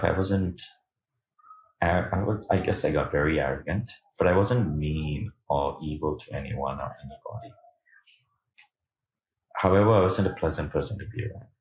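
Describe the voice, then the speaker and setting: A man as a podcast guest, telling his own story candidly and animatedly, acting out what people said to him. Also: very deep voice. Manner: animated, acts out quoted lines, laughs between points. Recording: roomy echo.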